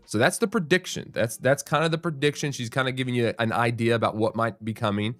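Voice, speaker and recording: A man's voice: medium pitch, fast talker, hardly any pauses, fairly bright tone, dry recording. A man hosting a real estate show, explaining market news in a conversational, thinking-aloud way with restarts and frequent "right?" asides.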